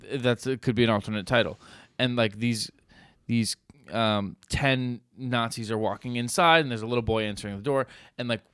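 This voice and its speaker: A man co-hosting a podcast, chatting casually and telling stories with animated, swearing energy. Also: medium pitch, normal speed, clear, resonant tone, dry recording, clean studio sound. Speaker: podcast co-host. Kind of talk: casual chat.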